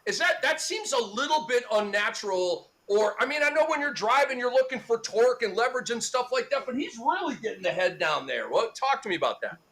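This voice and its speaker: An excitable man hosts a casual podcast chat, laughing easily and throwing questions to his co-hosts. His voice is bright and high and swings widely in pitch. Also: a little fast, hardly any pauses. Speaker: podcast host.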